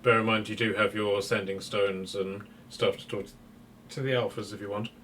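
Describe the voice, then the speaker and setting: A man's voice: lowish voice, moderate pace. A man guides a tabletop game in an easygoing, conversational way. He fills gaps with ums and uhs while he checks in with players. Faint room noise hangs in the background. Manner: casual, relaxed, with many fillers. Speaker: game master.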